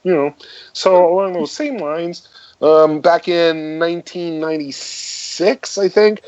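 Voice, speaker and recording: A man in his fifties, a voice actor guesting on a podcast, telling stories animatedly and dropping into deep character voices. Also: takes it slowly, darkish tone, lo-fi sound. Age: 50s. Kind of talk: casual podcast interview.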